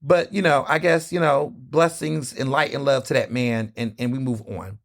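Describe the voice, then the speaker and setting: A man hosting a solo podcast in a casual, animated, gossipy way, full of sassy asides. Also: medium pitch, normal speed, gravelly. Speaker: podcast host.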